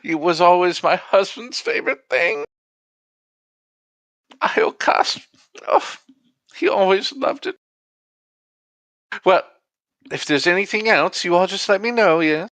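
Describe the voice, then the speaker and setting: A man's voice: high-pitched, sing-song, slow pace, long pauses, a bit bright, dry recording, pitched above the performer's own voice, full character voice. A man voicing a gracious widowed woman who owns a theater, in a sugary, fawning manner.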